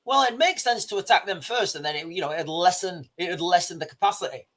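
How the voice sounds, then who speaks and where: A man's voice: high-pitched, lively intonation, quick pace, few pauses, a bit bright. A man hosting a livestream, rambling and often restarting while talking straight to his viewers. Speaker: livestream host. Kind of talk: livestream commentary.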